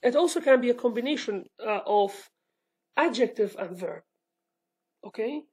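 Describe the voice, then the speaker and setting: A woman's voice: on the high side, animated, moderate pace, a little mellow, husky. Kurdish-accented woman teaching a language. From Iraqi Kurdistan, Sulaymaniyah. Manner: patient, explains step by step, often checks with "okay?". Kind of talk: online language lesson.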